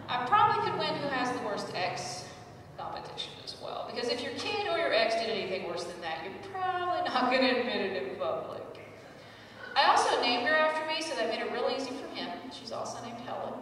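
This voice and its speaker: A woman in her forties doing a stand-up set, telling wry, self-deprecating stories with loud acted asides. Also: medium pitch, expressive, a little fast, far from the mic, slight background noise. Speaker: stand-up comedian. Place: live comedy stage. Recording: echoey hall, mic heard from afar.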